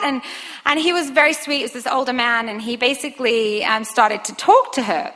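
A woman in her thirties tells a personal story in an earnest, rambling way, often restarting her sentences. Her voice is bright and sits a little high. The recording rings with the long reverb of a hall. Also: fairly even intonation, brisk. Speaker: mother sharing a personal testimony.

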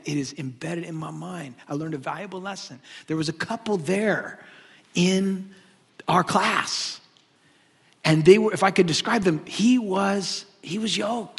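A man preaching a sermon, an animated and joking storyteller. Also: fairly high pitch, creaky, breathy edge. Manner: animated, joking storyteller who often laughs. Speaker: pastor. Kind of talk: sermon with humorous stories. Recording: long hall reverb.

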